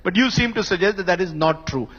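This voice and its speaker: Moderator: man with a high voice, brisk, in a reverberant hall, dull lo-fi audio. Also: fairly bright tone, slightly rough. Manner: brisk, prompting. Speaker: debate moderator. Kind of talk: moderating a panel debate. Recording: muffled sound in a reverberant hall.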